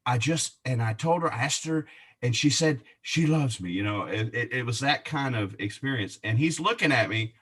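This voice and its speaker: A man telling a personal faith story in conversation, animated and laughing often, with many restarts. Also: medium pitch, moderate pace, husky. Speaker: guest.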